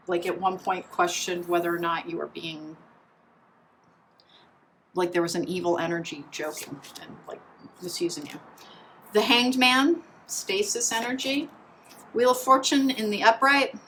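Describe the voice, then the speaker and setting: A woman's voice: mid-range voice, bright, forceful tone, a little hiss or hum, rough recording. A woman doing a pick-a-card tarot reading in a chatty, meandering way, full of restarts and fillers. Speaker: tarot reader.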